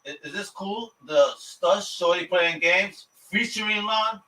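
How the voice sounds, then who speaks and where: A man's voice: sits high, unhurried, pushed and bright, poor audio. A man hosting a casual interview, upbeat and joking, often laughing. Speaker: podcast host.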